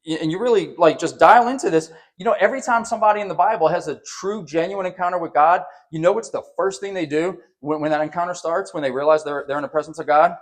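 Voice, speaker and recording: A man preaching a sermon as pastor, animated, acting out quotes with a raised voice and often repeating words. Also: fairly high pitch, quick pace, few pauses.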